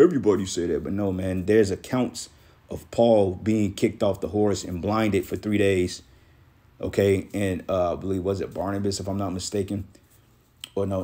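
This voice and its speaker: A man's voice: deep voice, warm tone. A man preaching a blunt, profane sermon, reading scripture aloud and confronting critics, peppering his speech with "man" and "bro".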